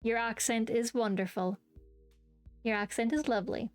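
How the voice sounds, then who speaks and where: Playful woman streamer, slightly high voice. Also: steady tone, normal speed, pauses often, faint music behind. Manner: playful, laughs often, reads all parts. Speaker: streamer playing a dating game. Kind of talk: casual game-stream chat and reading aloud.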